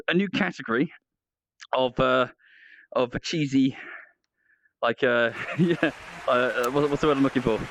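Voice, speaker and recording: A man's voice: medium pitch, unhurried, long pauses, a bit bright, dry recording. A man livestreaming, chatting casually with rambling, self-mocking banter.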